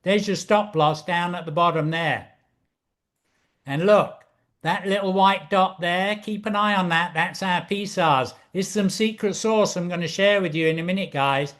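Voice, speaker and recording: A middle-aged man with a high voice gives a trading lesson over a chart screen. He talks slowly and deliberately, with a showman's excitement, repeating phrases again and again. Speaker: trading instructor. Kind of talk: screen-share trading walkthrough.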